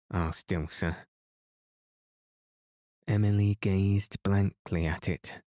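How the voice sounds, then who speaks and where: A man calmly narrating a novel as a bedtime story, soft and unhurried. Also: deep voice, no room sound, studio quality. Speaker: podcast host and reader.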